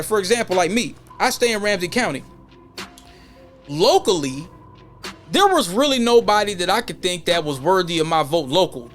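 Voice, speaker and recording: A man hosting a podcast in an animated opinion rant, mocking the voices he quotes. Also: sits high. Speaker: podcast host. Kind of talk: casual opinion monologue.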